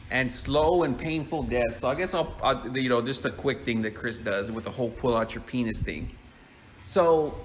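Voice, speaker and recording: A man's voice: mid-range voice, a bit bright. A man telling a story in a casual, rambling way, swearing and laughing often.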